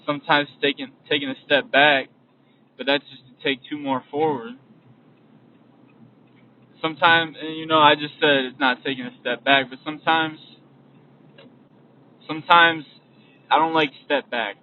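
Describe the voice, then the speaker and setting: A man's voice: a little high, fairly even intonation, moderate pace, long pauses. A young man giving a casual, rambling motivational talk as a podcast host, often repeating himself and restarting his sentences. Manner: casual, repetitive, trails off and restarts. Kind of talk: motivational monologue while driving. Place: in a vehicle. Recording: distant, phone-like lo-fi recording with faint road noise.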